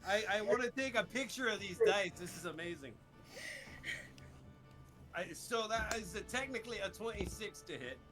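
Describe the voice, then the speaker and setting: A man playing a tabletop game, excitable and swearing as he talks through his rolls. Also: high voice, moderate pace, long pauses, over music. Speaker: player.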